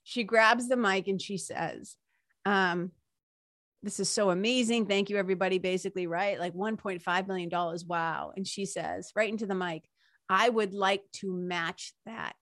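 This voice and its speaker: A woman with a medium-pitched voice and moderate pace tells a personal story in a casual monologue, recorded dry with studio quality. She's animated and emotional, near tears, using lots of fillers like "like" and "you know" and breaking into laughter.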